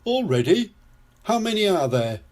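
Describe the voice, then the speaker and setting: A jolly daddy pig talks loud and hearty, a bit higher than plain speech, as a grandad puts him on. The voice is husky and bounces with lively pitch. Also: male voice, moderate pace. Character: jolly grown-up father pig.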